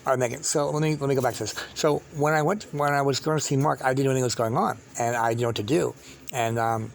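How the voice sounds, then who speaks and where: A man's voice: medium pitch, fairly even intonation, vocal fry, a little hiss or hum. Man rambling through a personal story. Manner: halting, repetitive, many restarts and fillers.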